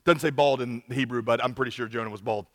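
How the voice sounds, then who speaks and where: A pastor preaching a sermon in an animated way, acting out quoted lines with big swings in volume. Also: male voice, medium pitch, fast, in a large hall.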